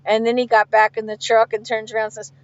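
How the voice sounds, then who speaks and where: A woman from outside Philadelphia who drives trucks chats casually on a livestream, taking viewer questions and laughing a lot. Her voice is a little high and monotone, and she talks fast, reading comments aloud. The stream audio is dull and lo-fi.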